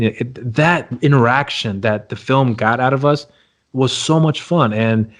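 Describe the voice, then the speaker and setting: A man's voice: medium pitch, unhurried. Rambling male movie-review co-host. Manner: rambling, repeats himself, plugs socials. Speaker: podcast co-host. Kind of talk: casual movie review chat.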